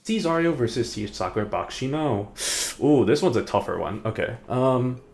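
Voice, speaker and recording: A man's voice: mid-range voice, animated, moderate pace, gravelly, darkish tone. A man streaming and chatting casually, rambling and hesitating as he corrects himself mid-sentence. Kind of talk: casual live-stream commentary.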